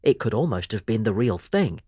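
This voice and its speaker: A man narrating a children's audiobook in a lively storytelling manner. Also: fairly low pitch, a little fast, breathy edge, no echo, studio quality.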